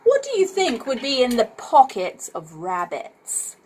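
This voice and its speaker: A woman's voice: high-pitched, slight background noise. Playful woman reading a bedtime story. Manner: playful, animated, unhurried. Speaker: parent reading aloud.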